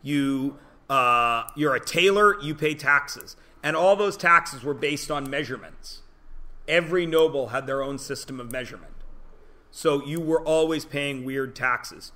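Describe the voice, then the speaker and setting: A man's voice: mid-range voice, unhurried, bright, forceful tone. A male teacher giving a joking, self-deprecating classroom lecture to his students.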